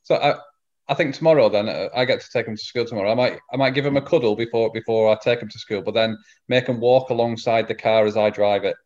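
Quick, upbeat northern English interviewer, dull lo-fi sound. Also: male voice, fairly low pitch, darkish tone. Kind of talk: casual interview chat.

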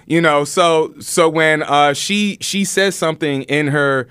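A man's voice: fairly high pitch, a little slow, a bit bright, smooth, no room sound. A man hosting a casual news podcast, chatty and laughing often, with many restarts.

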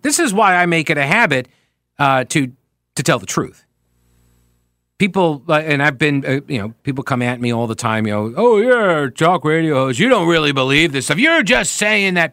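A man's voice: a little high, a bit bright, dry recording. A man hosting talk radio, giving sarcastic, mocking commentary into a studio microphone.

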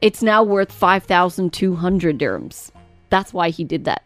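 A woman co-host in casual chat, teasing her partner with quick interjections. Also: fairly low pitch, expressive, no echo, soft background music.

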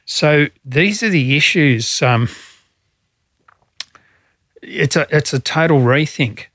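A man's voice: fairly high pitch, animated, takes it slowly, fairly bright tone, no room sound, clean studio sound. A middle-aged Australian man, a former fire commissioner, answering interview questions earnestly and with emotion, using frequent fillers.

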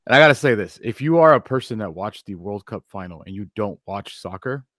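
Laid-back sports radio co-host. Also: male voice, lowish voice, brisk, no echo, studio quality. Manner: relaxed, casual slang, enthusiastic. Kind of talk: casual sports talk radio. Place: radio studio.

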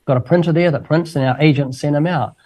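Older man, radio guest, enthusiastic, jokey, slightly high voice. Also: lo-fi sound. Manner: enthusiastic, jokey, quick talker. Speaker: evangelist guest. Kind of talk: phone-in radio interview.

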